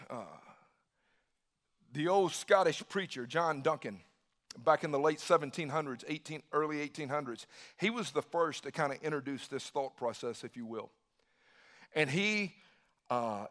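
A man preaching a sermon, swinging from quiet musing to loud bursts and repeating phrases for emphasis. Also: high-pitched. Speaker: pastor.

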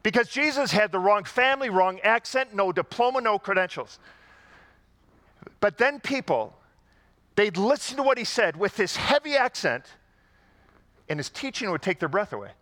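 A man's voice: sits high, very animated, moderate pace, pauses often, fairly bright tone, no room sound. A man preaching a sermon to a congregation, in a conversational style with rhetorical questions and emphatic repetition. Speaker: pastor.

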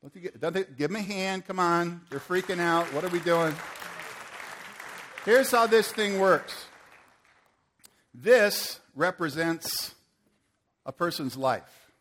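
A man preaching a sermon, swinging from forceful declarations to playful banter with volunteers he calls on stage. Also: high voice, takes it slowly, long pauses, a faint crowd, slight background noise. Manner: rises to forceful proclamations, then playful and joking with volunteers. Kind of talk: sermon with live audience demonstration.

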